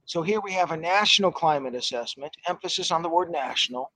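A man's voice: a little high, lively intonation, fast talker, bright, forceful tone, no room sound, low-quality recording. A man speaking as a panelist, building an argumentative case step by step. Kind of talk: panel discussion commentary.

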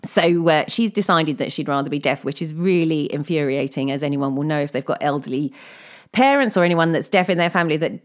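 A middle-aged woman with a slightly low voice chats on her own in a loose, meandering way. She strings anecdotes together and keeps breaking into laughter. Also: a little fast. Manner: chatty, rambling anecdotes with frequent laughter. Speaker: podcast host. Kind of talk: casual solo chat.

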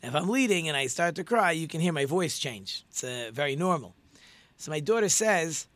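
A man's voice: on the high side, animated, fairly quick, a bit bright, no echo. A middle-aged man, a prayer leader, giving an informal religious teaching talk in an earnest way, often repeating words and phrases for emphasis.

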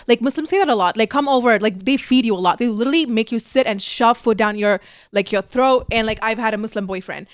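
A woman and vlogger telling gossip stories in a lively casual chat, often quoting others. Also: medium pitch, fast talker, hardly any pauses, clear, resonant tone, no room sound, clean studio sound. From United States. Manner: animated storytelling, quoting others.

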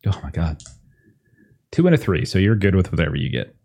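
Young man, game master, tabletop narration, lively varied pitch, relaxed chatty delivery. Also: fairly quick, creaky, breathy edge. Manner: relaxed, chatty, with frequent fillers and laughs.

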